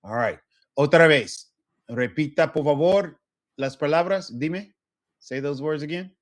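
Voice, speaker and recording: A man teaching a one-on-one Spanish lesson, patient and encouraging, modeling words slowly for a student. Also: on the high side.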